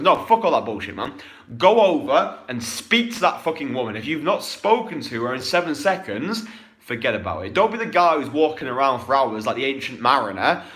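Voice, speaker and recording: A man coaching an audience on dating in a casual, blunt, profane way, swinging between loud punchy bursts and low, slow murmurs.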